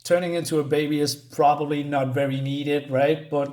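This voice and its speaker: A man's voice: on the high side, flat delivery, moderate pace, darkish tone. A man casually reviewing a comic book, reading panels aloud and rambling with many fillers and chuckles.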